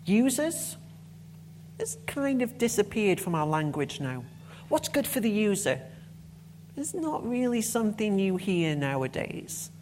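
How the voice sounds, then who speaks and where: A woman's voice: medium pitch, very animated, measured pace, darkish tone, slight background noise. A woman giving a conference talk, passionate and emphatic, with blunt swearing when annoyed. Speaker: conference speaker.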